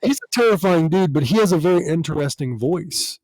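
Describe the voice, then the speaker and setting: A man's voice: on the high side, expressive, brisk, a little mellow, no room sound. A man who hosts a podcast and does comedy, chatting casually, swearing freely and laughing often. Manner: profane, laughs often, tells stories animatedly. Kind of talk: casual chat.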